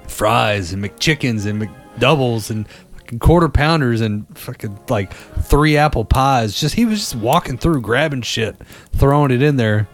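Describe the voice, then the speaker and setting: A man's voice: mid-range voice, a little slow. A young man tells a rambling story in casual conversation, cursing freely and slipping into the voices of the people he quotes. His voice sits in an ordinary middle register. Faint music plays underneath. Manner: animated, swearing, acts out quoted voices.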